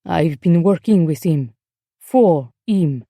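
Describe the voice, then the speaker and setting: A woman reading the lines of a weary, secretive French husband in an audiobook, in a low, guarded and tense way. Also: animated, slow, dark tone, no room sound, full character voice.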